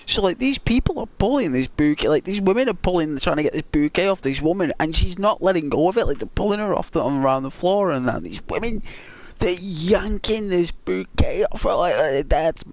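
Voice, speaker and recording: A man's voice: sits high, lively intonation, fairly quick, no room sound. A man chatting casually while playing a game, telling rambling anecdotes with frequent chuckles and fillers. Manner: rambling storyteller, chuckles often, many fillers. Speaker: gaming channel host.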